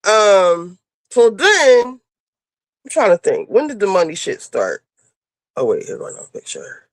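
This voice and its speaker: Wearing a clip-on mic, this chat show co-host moves around indoors and then goes out while telling a meandering, profane story packed with fillers. She speaks at a measured pace in a medium-pitched voice with huge pitch swings, and the sound has no echo.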